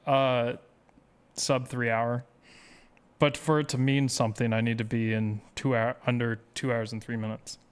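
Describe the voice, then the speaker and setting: A man hosting a live speedrun stream, reading viewer comments aloud and answering them casually. He rambles and teases himself. His voice comes through smooth and clear, sitting at a plain mid pitch. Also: little pitch movement, normal speed. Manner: rambling, self-deprecating, reads chat aloud.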